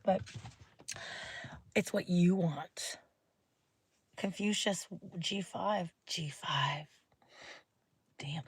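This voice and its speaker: Hosting a casual livestream from home, a woman with a mid-range voice chats with her viewers, rambling and thinking aloud and often dropping to a whisper. There's a slight hiss or hum in the recording.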